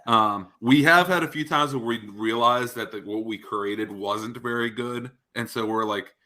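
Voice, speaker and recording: Bright-voiced, thoughtful male podcast guest. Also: mid-range voice, measured pace. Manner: thoughtful, explains his point of view at length. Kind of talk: casual chat.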